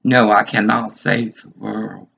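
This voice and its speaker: A man's voice: fairly low pitch, fairly even intonation, unhurried, gravelly, sharp tone, husky. A man in his fifties giving an agitated, rambling monologue, repeating himself as he vents. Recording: dull lo-fi recording.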